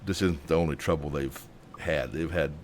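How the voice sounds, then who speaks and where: A man's voice: very deep voice, normal speed, a little hiss or hum. Indignant man hosting a commentary show. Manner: indignant, worked up. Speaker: host.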